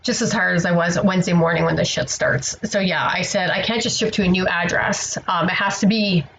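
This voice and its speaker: A woman's voice: on the low side, steady tone, a little fast, creaky, a bit bright, a little hiss or hum, rough recording. Tired, exasperated woman vlogger. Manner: exasperated, rambling, swears freely. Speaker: online seller vlogger. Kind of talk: casual storytelling to camera.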